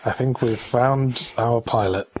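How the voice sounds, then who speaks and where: English male co-host, average pitch, deadpan sarcastic humor over gameplay. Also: slow pace, breathy edge, low-quality recording. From England. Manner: dry, sarcastic wisecracks. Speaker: let's play co-host. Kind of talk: casual gameplay commentary.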